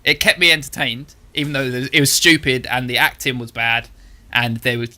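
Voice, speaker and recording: A man co-hosting a film review podcast, calmly explaining his rating step by step. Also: mid-range voice, moderate pace. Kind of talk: casual film review chat.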